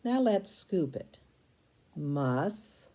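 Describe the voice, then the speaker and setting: A woman teaching a recorded spelling lesson, sounding out syllables slowly and spelling words letter by letter. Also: sits low, very animated, dark tone.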